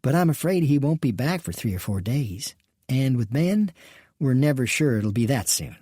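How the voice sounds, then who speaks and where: Courteous businesswoman of the saloon, read by a man; low-key, mellow, gentle. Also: very animated, moderate pace, slightly rough, no echo, clean studio sound. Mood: gracious. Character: gracious woman saloon partner.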